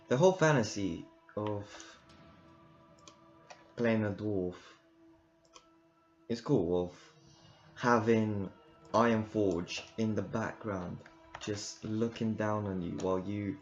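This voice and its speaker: A gamer with a fairly low, slightly mellow voice gives rambling, casual commentary while he plays, laughing often. The dull lo-fi recording carries game music in the background.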